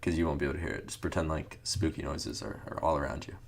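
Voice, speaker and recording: A man's voice: extremely low pitch, steady tone, fast, creaky, heavy background noise. A young man co-hosting a livestream in casual, joking chat, playful and self-mocking. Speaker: livestream co-host.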